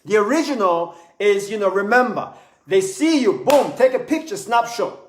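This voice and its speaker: Animated high-voiced man teaching sales. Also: moderate pace, slight background noise. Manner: animated, acts out little voices, repeats words. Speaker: sales trainer. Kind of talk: live online sales lesson. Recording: echoey room.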